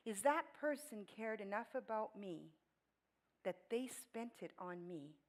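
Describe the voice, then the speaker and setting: Animated woman speaker telling a story. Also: mid-range voice, measured pace, poor audio. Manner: animated storytelling with laughs and voiced quotes. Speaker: guest speaker. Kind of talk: storytelling church talk.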